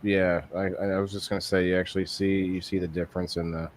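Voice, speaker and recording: A man's voice: low-pitched, level tone, quick pace, a little hiss or hum. A man hosting a casual live-stream podcast, rambling with many restarts and reading viewer comments aloud. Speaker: podcast host.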